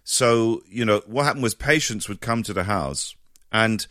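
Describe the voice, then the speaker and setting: A man's voice: fairly low pitch, moderate pace, no room sound. Man, middle-aged guest, chatty, laughs a lot, dry close sound. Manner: animated storyteller, laughs often, restarts phrases. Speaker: interview guest. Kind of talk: casual conversational interview.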